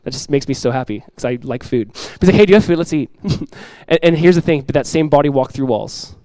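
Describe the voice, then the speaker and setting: A middle-aged man preaching a sermon as pastor to his church, earnest and direct, repeating key lines and acting out everyday voices with lively emphasis. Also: medium pitch, a little fast, no echo, poor audio. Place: church sanctuary.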